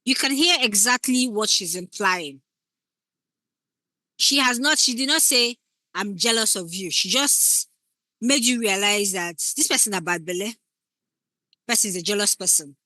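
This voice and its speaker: A woman's voice: medium pitch, a little slow, long pauses, bright, forceful tone, no echo. A woman teaching scriptwriting in a casual lecture, acting out short example lines as she explains. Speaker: scriptwriting instructor.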